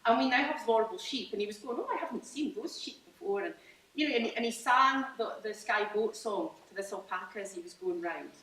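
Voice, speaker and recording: A woman's voice: medium pitch, brisk, fairly bright tone. A woman with a Scottish accent, a farmer talking to an audience about her farm business in a chatty, enthusiastic way, with lots of fillers and restarts. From Scotland. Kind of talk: informal presentation to an audience. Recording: roomy hall, mic at a distance.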